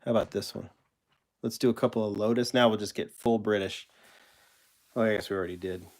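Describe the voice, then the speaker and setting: A man with a fairly low, steady voice hosts a casual live collector stream at a fairly quick pace. He rambles and corrects himself while answering chat questions and showing off toy cars.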